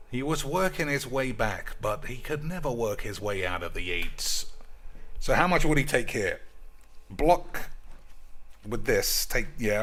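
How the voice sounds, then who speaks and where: A man's voice: mid-range voice, fairly bright tone. A man giving casual, crude, rambling commentary while streaming a card game, swearing freely and calling his viewers boys.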